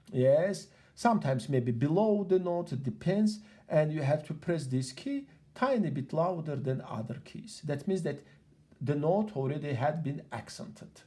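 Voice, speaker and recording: Slow, patient piano teacher in an echoey room. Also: male voice, fairly high pitch, mellow. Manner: patient, repetitive explaining with counting aloud. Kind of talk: piano lesson. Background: piano playing.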